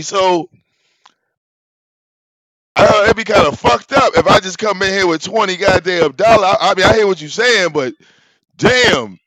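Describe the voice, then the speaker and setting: A man, telling a story casually to his audience. He talks in an animated, profane way, often repeating words and restarting his sentences. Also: high voice, unhurried, gravelly, long pauses, no echo. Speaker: channel host.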